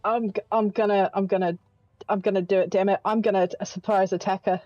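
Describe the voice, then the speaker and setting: A woman plays in an online tabletop game, her words tumbling out in eager restarts. Her voice is mellow and dark, recorded dry with a slightly dull, lo-fi tone. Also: medium pitch, steady tone, fast, dry recording. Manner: eager, stumbling, laughs while describing. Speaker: player.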